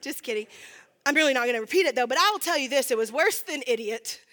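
Woman preacher, high and bright, chatty storytelling sermon, self-mocking. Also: expressive, fast. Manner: chatty, many fillers, laughs at herself.

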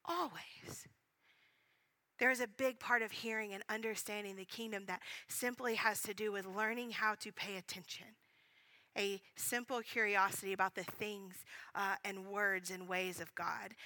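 A woman preacher giving a sermon, telling a story in an animated, earnest way with frequent restarts. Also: medium pitch, moderate pace, no room sound, poor audio.

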